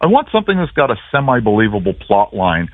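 A man, a sports broadcaster calling in as a guest on a radio show, telling stories in a chatty, animated, self-mocking way. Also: lowish voice, fast talker, dry recording. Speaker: play-by-play broadcaster, phone guest. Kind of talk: casual radio interview. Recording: tinny phone line.

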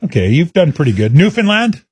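A man's voice: fairly high pitch, fairly quick, slightly rough, no echo. A man hosting a casual chat, quizzing his guest and laughing along. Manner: lively, laughing quizmaster. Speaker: host.

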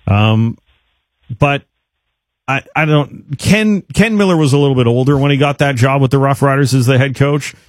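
A man hosts a radio sports show in an easygoing, joking way. His voice is close and dry, with an average pitch. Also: normal speed, no room sound. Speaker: radio sports talk host. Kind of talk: casual radio chat.

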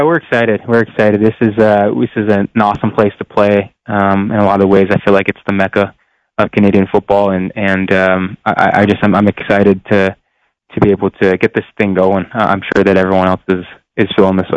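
Earnest young man, smooth and low-key. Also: flat delivery, fairly quick, no echo. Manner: earnest, searching for words. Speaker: professional football player. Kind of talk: radio interview guest. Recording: dull lo-fi line.

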